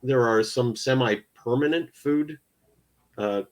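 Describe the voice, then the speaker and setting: A man co-hosting a fan podcast, calmly listing things off in casual chat. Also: mid-range voice, slow pace. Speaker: podcast co-host.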